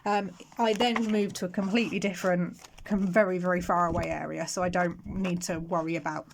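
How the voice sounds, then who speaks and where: A woman's voice: fairly low pitch, steady tone, a little fast, gravelly, a little hiss or hum. A young woman from England chatting casually through a haul video at home, rambling and stopping to react to each item. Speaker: vlogger. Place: home room with natural lighting.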